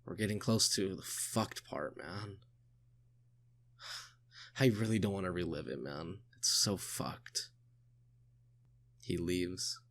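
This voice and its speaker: A man's voice: deep voice, slow pace, gravelly, pauses often, a bit bright, a little hiss or hum. A young man reading a comic aloud and reacting to it in a casual way, sighing and swearing often. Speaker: manga reaction channel host.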